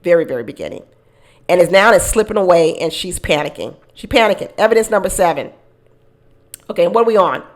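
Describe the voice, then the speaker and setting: A woman hosting casual reality-show commentary, animated, acting out quotes and laughing often. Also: fairly low pitch, a little fast. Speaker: commentary channel host.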